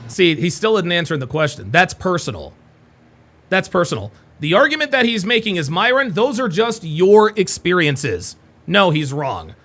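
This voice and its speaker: Male reaction host, blunt and mocking, high lively delivery. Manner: blunt, mocking, swears freely. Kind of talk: live stream reaction commentary.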